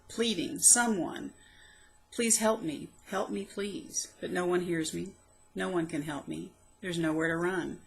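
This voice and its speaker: A woman reading her own poems aloud, soft, slow and reflective, with plain spoken asides between them. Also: low-pitched, gravelly, a little hiss or hum, rough recording. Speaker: poetry reader.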